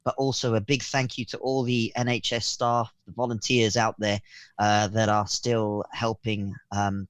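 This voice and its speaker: Low-voiced man explaining, full of fillers. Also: dry recording. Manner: halting, many fillers and restarts. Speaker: accountant guest. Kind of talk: radio interview explanation.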